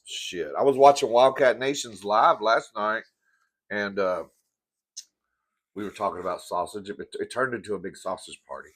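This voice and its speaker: A man's voice: lowish voice, normal speed, fairly bright tone. A man hosting an eating show, chatting campily and calling viewers "girl" between bites. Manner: chatty and campy, calls viewers "girl", eats between sentences. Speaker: mukbang host. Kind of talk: casual eating-show chat to camera.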